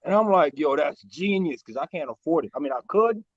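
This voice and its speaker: Animated slangy man on a muffled call. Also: fairly high pitch, fairly quick, dry recording. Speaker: caller. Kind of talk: casual call-in chat.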